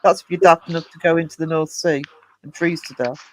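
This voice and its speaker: A man's voice: on the high side, steady tone, fairly quick, a little hiss or hum. A British man chatting casually on a late-night livestream, reading out viewer comments with frequent restarts. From United Kingdom. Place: home at night.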